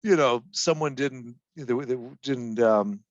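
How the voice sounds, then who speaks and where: A man chatting as a podcast guest, halting and searching for words with many fillers. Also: mid-range voice, no echo, lo-fi sound. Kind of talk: casual podcast chat about an album.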